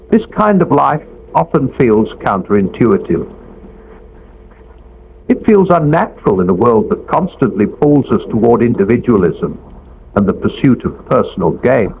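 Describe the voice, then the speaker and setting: A man giving a scripted devotional narration in a measured, reflective way. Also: medium pitch, vocal fry. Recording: dull lo-fi audio with faint background noise.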